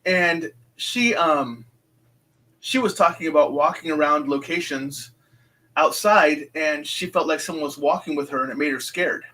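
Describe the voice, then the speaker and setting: A man's voice: fairly high pitch, a little slow, bright, forceful tone, rough recording. A man in his fifties, a guest telling stories in a casual interview, rambling with many fillers and restarts and acting out what people said. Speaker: guest, psychic medium.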